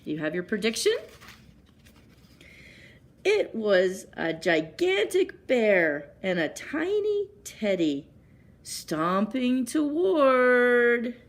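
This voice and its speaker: A woman librarian reading picture books aloud at story time, gently pausing to ask children questions. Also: a little high, big pitch swings.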